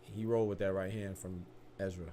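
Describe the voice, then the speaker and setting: Slangy excited man calling a fight. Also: low-pitched, fairly quick, slight background noise. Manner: slangy, excited, frequent restarts and laughs. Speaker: boxing commentator. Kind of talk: casual live fight commentary.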